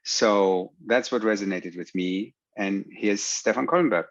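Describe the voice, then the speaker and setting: A man, a podcast co-host, introducing clips in a plain, measured way. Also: lowish voice, no room sound. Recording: dry, muffled recording.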